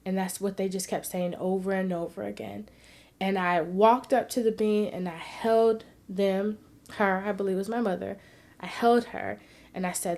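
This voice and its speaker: A woman vlogger sharing a personal story in an earnest, heartfelt way. She moves between hushed and emphatic. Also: medium pitch, fairly even intonation, moderate pace, gravelly.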